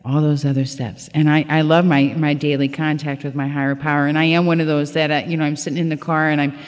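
A woman's voice: deep voice, level tone, fast talker. Candid storytelling woman, hall echo. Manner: candid, laughing, self-mocking storytelling. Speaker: recovery meeting speaker. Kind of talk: personal testimony talk.

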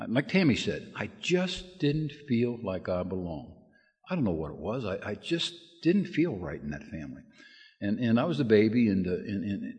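Folksy man telling stories in a hall. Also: on the low side. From Kentucky, USA. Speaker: recovery meeting speaker. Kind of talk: humorous storytelling talk. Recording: reverberant hall recording.

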